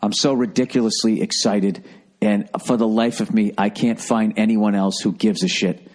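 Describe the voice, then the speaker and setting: A man's voice: lowish voice, flat delivery, moderate pace. Profane ranting middle-aged man. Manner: profane, sarcastic, mocks people in put-on voices. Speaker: comedian podcast host. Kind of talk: rambling comedic rant.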